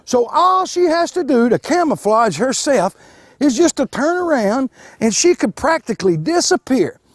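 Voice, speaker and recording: A man, a wildlife educator giving a live demonstration to children, folksy and animated, restarting words with plenty of fillers. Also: extremely high pitch, moderate pace, dry recording. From Kentucky.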